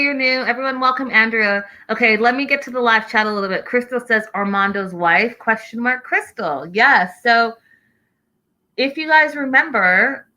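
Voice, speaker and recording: A woman's voice: medium pitch, bright, forceful tone, rough recording. A woman host talking casually through a reality show recap, reading out live chat messages as she goes.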